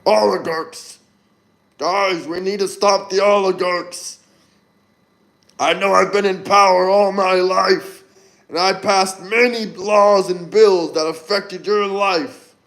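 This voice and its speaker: A man puts on an elderly politician in a preachy rant, hammering the same point again and again. The voice sits fairly high for a man. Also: flat delivery, slow, vocal fry, a bit bright, heavily acted. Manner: repetitive, preachy ranting. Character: impression of an elderly male politician ranting against oligarchs.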